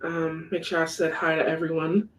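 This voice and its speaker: A live-stream host talking in a relaxed, chatty way with little laughs between phrases. The voice sits at a middle pitch. It is picked up from some distance away from the microphone. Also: normal speed. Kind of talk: casual chat.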